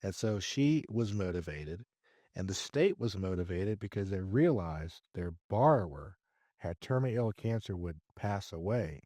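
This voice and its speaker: Low mellow-voiced man telling a story. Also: normal speed, no room sound, studio quality. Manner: lively storyteller who acts out his own dialogue. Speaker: podcast guest, real estate investor. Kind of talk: conversational storytelling interview.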